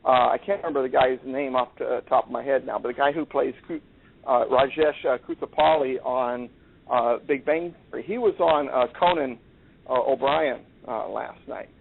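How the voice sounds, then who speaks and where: A man's voice: mid-range voice, steady tone, moderate pace, gravelly. A man co-hosting a casual political chat, sarcastic and prone to stammering restarts. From United States. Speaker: co-host. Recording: tinny phone-like sound, faint hiss.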